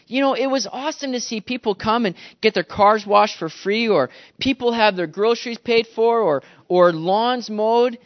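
A man's voice: high-pitched, moderate pace, few pauses, lo-fi sound. A man preaching a sermon, telling stories with animation and acting out the quotes. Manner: animated storytelling, acts out quotes. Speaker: pastor.

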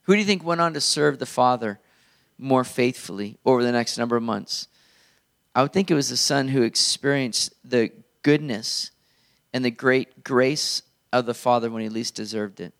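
A man's voice: medium pitch, normal speed, vocal fry, fairly bright tone. A male pastor preaching a sermon in an earnest, conversational way.

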